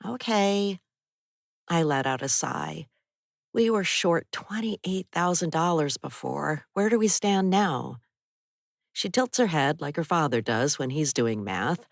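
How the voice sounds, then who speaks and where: Low-voiced woman narrating an audiobook. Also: expressive, unhurried, creaky, no echo, clean studio sound. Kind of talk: first-person scripted narration.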